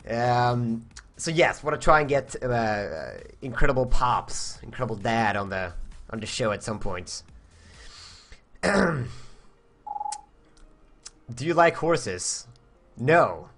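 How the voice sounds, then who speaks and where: A man's voice: mid-range voice, lively intonation, slow pace, pauses often, a bit bright, a little hiss or hum. A young man from Sweden chatting casually on a live stream, answering viewer questions in a rambling way, searching for words and swearing.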